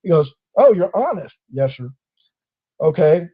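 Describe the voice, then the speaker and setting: Male host, lively storyteller, slightly high voice, muffled lo-fi sound. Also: measured pace, breathy edge. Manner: animated storyteller acting out quoted officers. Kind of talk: casual storytelling chat.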